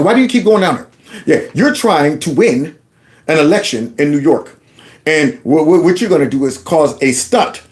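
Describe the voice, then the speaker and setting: A man's voice: on the high side, animated, moderate pace, darkish tone. A man hosting his own channel, giving opinionated commentary over clips, talking emphatically with lots of rhetorical questions and colloquial speech.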